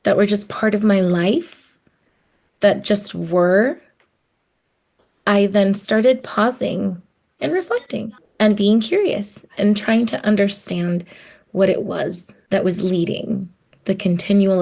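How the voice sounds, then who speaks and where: Her voice is mid-range, slow and creaky, with a darkish tone. She hosts her own podcast, sharing reflective, heartfelt thoughts conversationally and performing the voices she quotes.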